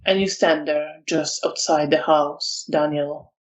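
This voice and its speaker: A storyteller narrating a vampire tabletop game in slow, descriptive lines with fillers. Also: mid-range voice, fairly even intonation, dull audio.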